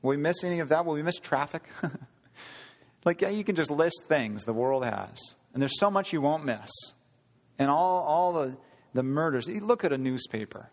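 A man preaching a sermon, earnest, asking the congregation rhetorical questions and slowing down for emphasis. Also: on the high side, expressive, long reverb tail. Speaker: pastor.

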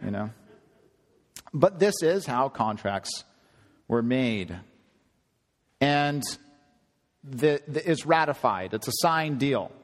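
Lively pastor in a reverberant hall. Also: male voice, slow pace, long pauses. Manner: conversational, animated, rising to high emphasis. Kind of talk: sermon.

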